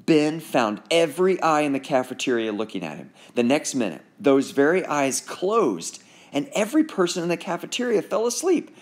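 A man reading a children's book aloud in an expressive, animated narration. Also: fairly high pitch, normal speed. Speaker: audiobook narrator.

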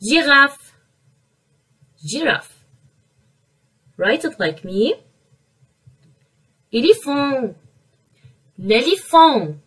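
A woman teaching an online French vocabulary lesson to young children, repeating each word slowly to drill pronunciation. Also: high-pitched, a bit bright, slightly rough, far from the mic, low-quality recording.

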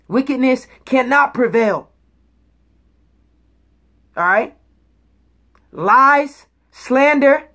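A woman's voice: a little high, a bit bright. Emphatic woman preaching a bible study. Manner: emphatic, checks in with "okay?" and "all right?"; reads scripture aloud and explains words. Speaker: bible teacher.

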